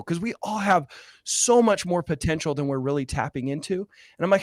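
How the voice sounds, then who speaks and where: Speaking at a moderate pace, this interview guest, a real estate investor, tells a personal story earnestly, with many fillers and rising emotion. His voice is a little high and animated, and the recording is dry.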